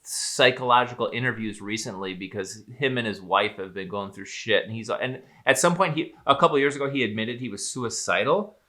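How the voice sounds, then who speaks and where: A man's voice: fairly low pitch, a little fast, few pauses, sharp tone. A man co-hosting a podcast, talking through his analysis in casual, rambling chat. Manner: rambling, emphatic, swears casually. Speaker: podcast co-host, psychologist.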